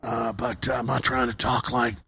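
Hoarse male talk show host, gravelly and raspy, pushy on-air sales pitch. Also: level tone, normal speed, sharp tone. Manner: urgent, repetitive sales pitch. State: hoarse, voice nearly gone. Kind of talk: on-air fundraising and product pitch.

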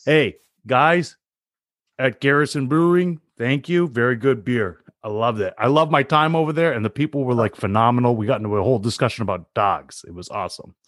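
A man from Canada with a Canadian accent, co-hosting a casual sports and beer chat, animated and quick to laugh. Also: mid-range voice, dry recording, studio quality. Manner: animated, laughs easily, relaxed banter. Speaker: podcast co-host.

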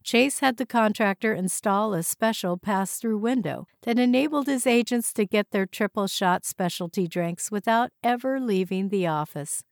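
A woman reading a novel aloud as audiobook narrator in an even, measured way. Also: mid-range voice, no room sound, studio quality.

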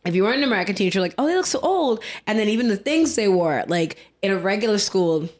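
A woman's voice: medium pitch, racing. A woman in her thirties co-hosting a podcast in casual chat, chatty and rambling, sometimes talking with food in her mouth. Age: 30s. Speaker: podcast co-host.

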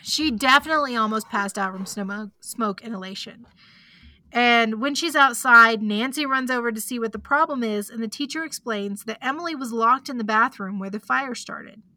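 A woman's voice: on the high side, normal speed, sharp tone, dry recording. A woman hosting a podcast, retelling a story in a chatty casual way, full of likes and asides. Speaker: podcast host.

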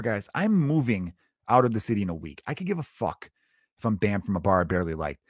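A man in his thirties telling a story in a casual, animated and profane way, swinging between loud bursts and low asides. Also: quick pace, dry recording, studio quality.

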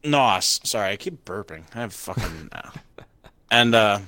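A young man hosting a podcast, laid-back and profane, talking in a halting, casual way. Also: fairly low pitch, expressive, sharp tone, no room sound. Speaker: podcast host and streamer.

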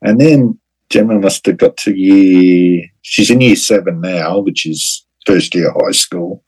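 A man's voice: sits low, measured pace, darkish tone, breathy edge, rough recording. An Australian man in his forties telling a personal story in an interview, rambling and full of fillers. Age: 40s. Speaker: guest.

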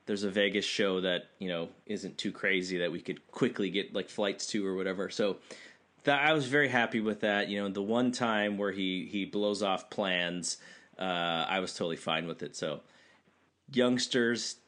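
A man's voice: low-pitched, normal speed, fairly bright tone. Rambling middle-aged man, casual podcast chat. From California. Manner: rambling, filler-heavy storytelling. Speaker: podcast co-host.

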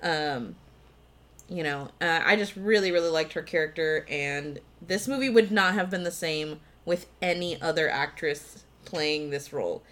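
A woman co-hosting a podcast who talks about films with open enthusiasm. Her chat is casual and peppered with swearing, and she is quick to jump in with corrections. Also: sits low, a bit bright. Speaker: podcast co-host. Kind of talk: casual movie discussion.

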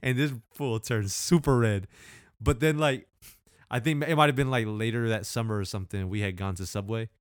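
A man's voice: lowish voice, normal speed, smooth, dry recording, studio quality. A man co-hosting a podcast, telling stories in casual chat, slangy and laughing often. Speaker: podcast co-host.

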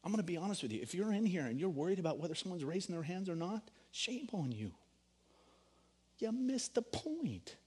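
Animated man preaching a sermon. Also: high-pitched, fairly quick, slightly rough. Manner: animated, swings between loud emphasis and hushed storytelling. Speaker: pastor.

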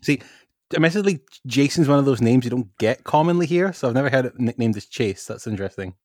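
A man's voice: mid-range voice, animated, fast, no room sound, studio quality. A Scottish man from Scotland, a guest on a gaming podcast, talking in an easygoing, rambling way. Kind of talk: casual podcast chat.

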